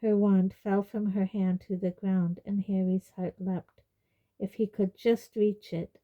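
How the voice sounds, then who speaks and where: A woman reading a fantasy novel aloud in a measured audiobook narration. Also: mid-range voice, little pitch movement, narrow, tinny audio. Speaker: reader.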